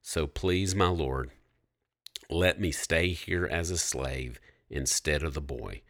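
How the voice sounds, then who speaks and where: A man's voice: very deep voice, slow, fairly bright tone, heavily acted. A man reading the part of a biblical man who begs a powerful ruler for mercy, in an earnest, solemn way. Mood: pleading.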